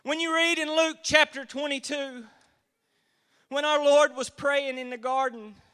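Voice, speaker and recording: Preacher, man, 40s: high, bright, ringing voice; homespun stories building to fervent emphasis. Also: steady tone, a little slow. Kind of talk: sermon.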